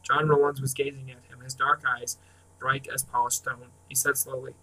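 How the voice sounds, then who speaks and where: A man reading a novel aloud in a measured way, often clearing his throat and restarting words. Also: medium pitch, little pitch movement, pushed and bright. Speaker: reader. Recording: distant mic.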